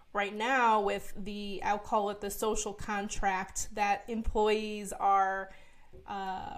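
A woman hosting an interview, encouraging her guests and asking long questions with many fillers. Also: mid-range voice. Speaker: interview host.

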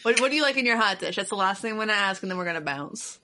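A woman's voice: medium pitch, animated, pushed and bright. A woman hosting a podcast, chatting playfully and casually with her guest over a video call. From Seattle area. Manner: playful, quick to laugh. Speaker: podcast host. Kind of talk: casual chat.

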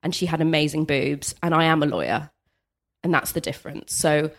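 A woman's voice: low-pitched, fairly even intonation. A woman comedian guest, flustered, stumbling over her words and correcting herself in comedy chat. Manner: flustered, quick self-correcting.

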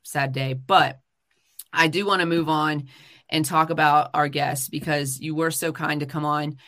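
Woman streamer ranting, bright sharp voice, lots of ums and swearing. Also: low-pitched, fairly even intonation, unhurried. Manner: heated, swearing, many fillers and restarts. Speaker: livestream host. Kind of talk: casual livestream chat. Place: home livestream.

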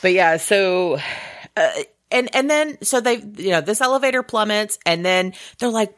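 A woman's voice: medium pitch, lively intonation, moderate pace, no echo, clean studio sound. A young woman co-hosting a casual movie recap, sarcastic and swearing, acting out lines from the film. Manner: sarcastic, swears, acts out quotes in voices. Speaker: podcast co-host.

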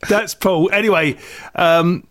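Jokey high-voiced man. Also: takes it slowly, a bit bright, no room sound, clean studio sound. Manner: jokey, puts on voices in anecdotes. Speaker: podcast co-host. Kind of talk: casual chat.

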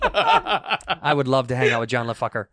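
A man's voice: mid-range voice, level tone, rapid-fire, fairly bright tone, dry recording, studio quality. A man co-hosting a casual podcast, joking, swearing and laughing as he reads articles aloud. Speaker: podcast co-host.

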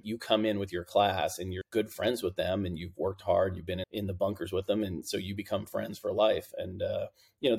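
A middle-aged man, a guest on a podcast, telling animated stories from his years as a prosecutor. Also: sits low, gravelly, slightly rough. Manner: animated anecdotal, acts out quotes. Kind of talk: interview storytelling.

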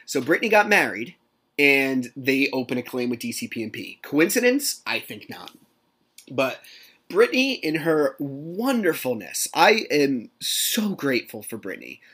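A man's voice: medium pitch, very animated, moderate pace, fairly bright tone, slightly rough. A man hosting a solo podcast, chatting casually and telling stories animatedly, reenacting conversations and swearing now and then. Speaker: podcast host.

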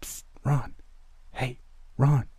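A man voicing a frightened young boy who calls out to his older brother in a hushed voice. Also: mid-range voice, flat delivery, drawn-out words, husky, no room sound, voice pushed up. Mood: urgent whisper. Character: young boy, small scared little brother.

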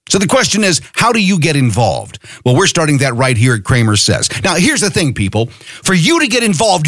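A man's voice: high voice, fairly bright tone, dry recording, studio quality. Angry, swearing man ranting. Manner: impassioned, profane, rhetorical questions. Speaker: podcast host. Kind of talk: angry political monologue.

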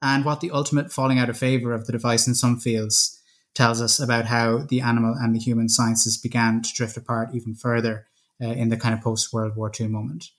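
An interviewer with a mid-pitched voice asks long, carefully built questions. Each question is laid out in full, clause by clause, before handing over to the guest. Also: flat delivery, brisk.

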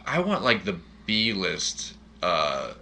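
A man talks through a movie in loose, casual chat, jokey and full of quick questions. His voice is very bright and forward. A faint noise sits behind him. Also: deep voice, wildly swooping pitch, gravelly.

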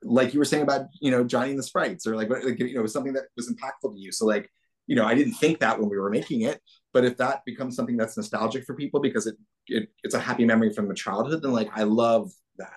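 A puppeteer appears as a guest in a casual interview chat, a man with a medium-pitched voice who talks fast. He's enthusiastic and reflective, often restarting his sentences.

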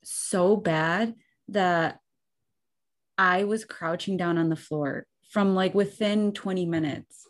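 A woman's voice: lowish voice, takes it slowly. A young woman co-hosting a podcast, chatting casually and animatedly with lots of "like". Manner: chatty and animated, heavy use of "like". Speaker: podcast co-host. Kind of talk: casual chat, storytelling.

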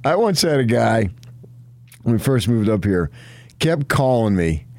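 A man's voice: medium pitch, big pitch swings, unhurried, a little mellow. A middle-aged man from New Jersey, chatting casually and telling rambling anecdotes as a co-host. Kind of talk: casual chat.

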